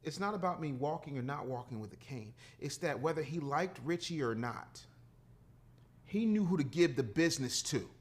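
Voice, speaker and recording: A man in his fifties, a guest on a podcast, talking casually in an emphatic, preachy way, swearing freely and acting out quotes. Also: fairly high pitch.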